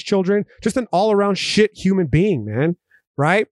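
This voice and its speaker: A man's voice: high-pitched, lively intonation, a little slow, no room sound. A young man from Texas hosting a solo podcast, ranting emphatically with heavy profanity and frequent restarts. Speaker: podcast host. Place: home room.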